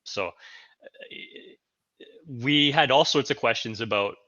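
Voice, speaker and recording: A man's voice: mid-range voice, a little slow, pushed and bright, dry recording, lo-fi sound. A man co-hosting a podcast, breaking down hockey prospects analytically, often hedging with "I think.". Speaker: podcast co-host. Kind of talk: casual hockey draft analysis.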